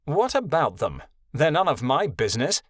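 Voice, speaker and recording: A man's voice: on the high side, very animated, normal speed, no room sound, clean studio sound. A man voicing a cruel, callous man who speaks in a cold, dismissive way.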